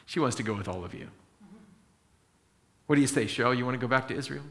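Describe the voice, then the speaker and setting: A male pastor preaching a sermon, animated and acting out biblical dialogue, slowing down to stress key lines. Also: medium pitch. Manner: animated, acts out biblical dialogue, slows for emphasis.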